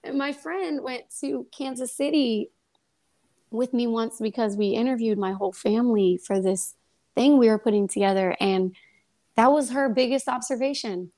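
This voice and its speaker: A young woman, a guest on a faith podcast, tells a personal testimony in a lively, casual way and acts out the voices in her story. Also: a little high, moderate pace.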